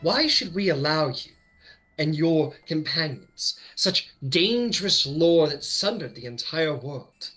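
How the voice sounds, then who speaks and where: A man's voice: on the high side, big pitch swings, slow pace, sharp tone, faint music behind, pitched above the performer's own voice, heavily acted, low-quality recording. A man voicing a composed female elf grand mage who speaks formally and courteously. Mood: questioning.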